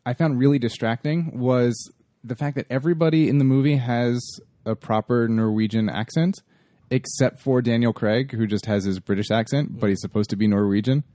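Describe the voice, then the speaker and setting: A man's voice: medium pitch, moderate pace, mellow, dry recording, clean studio sound. A man co-hosting a casual movie podcast, rambling with restarts, swearing and laughing easily. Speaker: podcast co-host.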